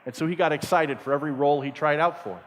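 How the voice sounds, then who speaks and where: A man's voice: on the high side, fast talker. A middle-aged man giving a camp sermon, telling stories and acting out the voices in them. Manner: acts out voices in his stories, animated. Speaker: camp speaker. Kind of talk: storytelling sermon. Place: camp meeting hall. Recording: reverberant hall.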